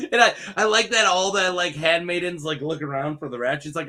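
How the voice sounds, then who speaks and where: A young man with a high, bright voice talks through a TV episode in a loose, rambling solo review. He jokes constantly and laughs often at his own asides. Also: a little slow, long pauses. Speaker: show reviewer. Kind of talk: casual solo review chat.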